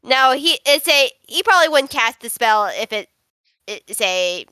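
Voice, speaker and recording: A woman's voice: on the high side, expressive, unhurried, bright, forceful tone, clear, resonant tone, no room sound. A woman playing a tabletop game over voice chat, casually narrating what her character does. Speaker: player.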